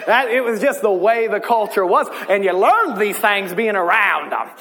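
A man with a high voice preaches with lively humor and keeps asking the congregation questions. His voice rings out in the long reverb of a large church hall. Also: moderate pace. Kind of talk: sermon.

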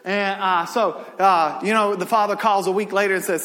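A man preaching in a church sanctuary, his voice high and bright as he spins laughing stories for the congregation. The sound rings with the long reverb of a large hall. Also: moderate pace, hardly any pauses. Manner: animated, laughing, drawling Southern storyteller. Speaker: pastor. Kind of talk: sermon with storytelling and jokes.

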